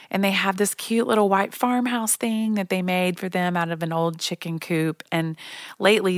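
A woman's voice: lowish voice, a bit bright, no room sound, clean studio sound. A woman from Oklahoma telling a chatty, self-deprecating story in a casual monologue, laughing now and then as she talks.

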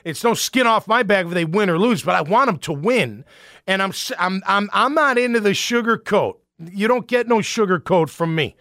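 A man's voice: high voice, lively intonation, moderate pace, a bit bright, no room sound, clean studio sound. A man hosting a sports talk show, giving fired-up, emphatic, rambling opinions.

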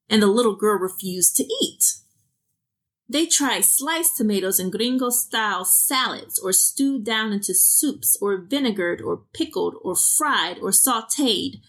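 A woman's voice: on the high side, fairly bright tone. A woman hosting a podcast who chats casually, addresses her listeners directly, and reads her own short fiction aloud. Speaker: podcast host. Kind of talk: casual chat and story reading.

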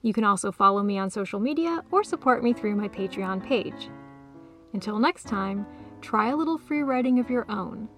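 A woman author reading her own short story aloud in a calm, even storytelling manner. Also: mid-range voice, moderate pace, faint music behind. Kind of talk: storybook narration.

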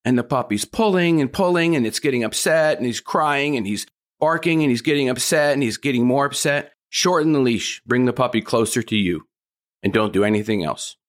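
A man's voice: mid-range voice, animated, a little fast. Firm, plain-spoken male dog trainer. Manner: firm, plain-spoken, repeats key points. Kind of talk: instructional talk.

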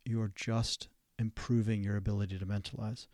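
A man, a therapist hosting a podcast, giving an instructional talk in a measured, halting way with fillers and restarts. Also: lowish voice, level tone, darkish tone, no echo, studio quality.

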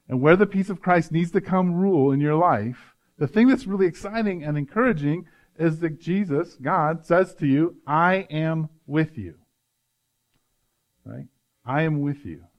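A man's voice: mid-range voice, muffled recording. A male pastor giving an earnest, conversational sermon, often adding "right?" to his points.

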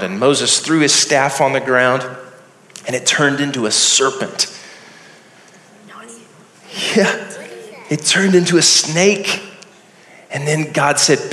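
A man telling a Bible story live in a large hall, slow and earnest, often repeating phrases. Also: fairly high pitch, steady tone, a bit bright. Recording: echoey hall with long reverb.

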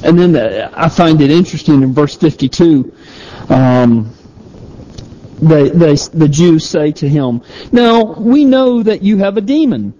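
A man preaching a sermon, slow and emphatic, repeating key phrases over and over. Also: a little high, dark tone, muffled recording. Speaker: pastor.

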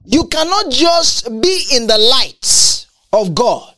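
A woman delivering a sermon with fervent emphasis. She repeats key phrases and quotes scripture. Her pitch sits high and swings with animation. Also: very animated, slow pace, sharp tone. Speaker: preacher.

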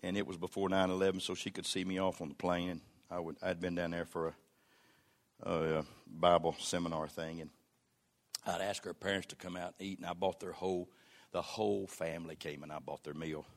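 An older man preaching a sermon as a pastor. He is folksy and humorous, and he swings from shouted exhortation to quiet storytelling. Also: low voice, little pitch movement, fairly quick.

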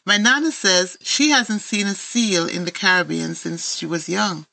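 A woman's voice: fairly low pitch, a little slow, vocal fry, pushed and bright, full character voice. A woman with an Antiguan accent voicing a laid-back, friendly young male jellyfish in a children's story, talking in breezy, easygoing banter.

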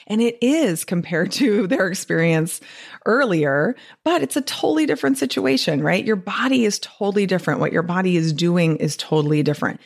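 A woman's voice: mid-range voice, expressive, fairly quick, gravelly, breathy edge. A woman from the Midwest with a Wisconsin accent, hosting a podcast in a chatty, upbeat way and laughing often. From American Midwest. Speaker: podcast host. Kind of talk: casual solo podcast talk.

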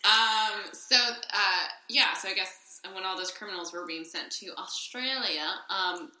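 A woman's voice: medium pitch, a little slow, pushed and bright, echoey room. A woman co-hosting a podcast in casual chat, giggly and rambling with lots of fillers. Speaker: podcast co-host.

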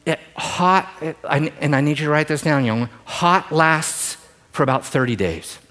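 A middle-aged male pastor preaching a sermon in an animated, joking way, swinging from loud emphasis to hushed asides. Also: a little high, moderate pace.

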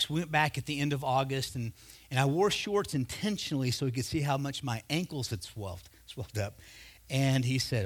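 Male pastor in his fifties, sermon, conversational storytelling, voice sitting a bit high. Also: a bit bright. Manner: conversational storytelling, acting out dialogue.

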